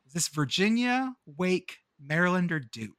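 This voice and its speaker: A man's voice: sits high, very animated, a little slow, fairly bright tone, dry recording, studio quality. A man co-hosting a casual podcast, reading song lyrics aloud as a quiz with a chuckling, sing-song delivery. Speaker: podcast co-host running a quiz.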